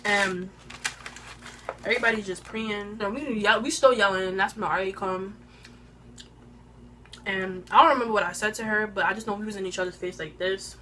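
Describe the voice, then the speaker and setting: A woman of twenty-one telling a casual storytime on her own channel, animated and slang-heavy, eating while she talks into a phone camera. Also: mid-range voice, normal speed, long pauses, a little hiss or hum. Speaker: vlogger.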